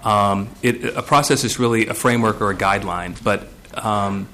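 A man's voice: lowish voice, fairly even intonation, normal speed, noisy background. A man testifying as a board nominee before a legislative committee, hesitant and searching for his words.

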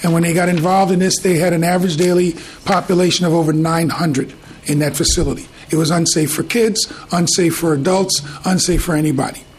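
High-voiced man giving formal testimony. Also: steady tone, slight background noise. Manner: measured, explanatory, courteous. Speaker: invited presenter, program team leader. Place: legislative committee hearing room.

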